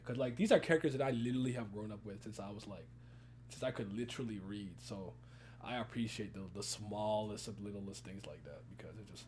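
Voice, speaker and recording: A young man hosting a casual movie review chat, animated and swearing, often laughing. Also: on the high side. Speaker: podcast host.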